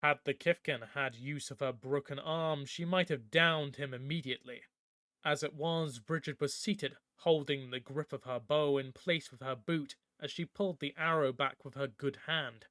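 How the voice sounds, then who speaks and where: A man narrating a fantasy audiobook in a steady storytelling manner. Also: a little high, normal speed, no echo, studio quality.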